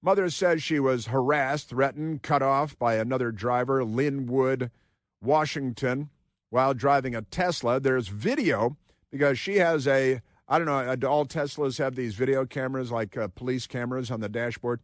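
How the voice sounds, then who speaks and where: A man's voice: mid-range voice, moderate pace, no echo. Dry-sounding sarcastic talk radio man. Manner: combative, sarcastic, mocking asides. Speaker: radio talk show host. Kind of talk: opinionated talk radio monologue.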